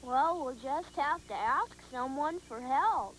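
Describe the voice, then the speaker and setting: Dumbo the young elephant, voiced by a woman is gentle and kind, with a high, soft voice. He talks slowly and reassuringly on a children's puppet show, over a faint hum. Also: lively intonation, full character voice, rough recording.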